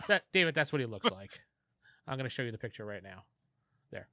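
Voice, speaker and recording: A man narrating a tabletop game as game master, playful and laughing, often halting mid-sentence. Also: mid-range voice, sing-song, bright, forceful tone, no room sound.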